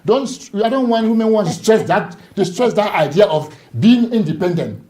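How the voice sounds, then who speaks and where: Emphatic priest with a mellow voice. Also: male voice, high-pitched, lively intonation, normal speed. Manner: emphatic, repeats words, asks rhetorical questions. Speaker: Catholic priest and book author, studio guest. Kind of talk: live studio talk show discussion.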